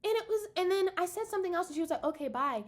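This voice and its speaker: A woman's voice: very high voice, very fast, darkish tone. A young adult woman venting casually to her viewers, emphatic and exasperated, talking straight to the camera. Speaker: vlogger.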